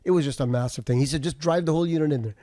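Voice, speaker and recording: A male trucker telling a road story in casual chat, steady and matter-of-fact. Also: fairly high pitch, rapid-fire, no echo, studio quality. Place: studio table.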